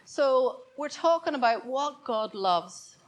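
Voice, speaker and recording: Woman preacher, off-the-cuff sermon, leans on repeated phrases, voice on the higher side. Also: expressive, slow pace, low-quality recording. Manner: unscripted, repeats key words for emphasis. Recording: church service, congregation present.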